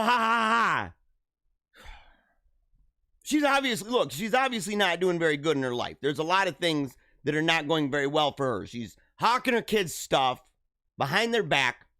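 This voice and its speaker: This show host's voice sits on the high side with some vocal fry, and the studio sound is clean with no room echo. He riffs on a news story during a livestream, jokey and animated, laughing a lot.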